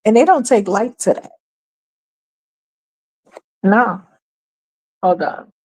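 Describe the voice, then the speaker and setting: A woman's voice: mid-range voice, lively intonation, slow, darkish tone, husky. A woman from New York hosting a livestream, delivering emphatic, sarcastic, opinionated commentary full of rhetorical questions. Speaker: livestream host.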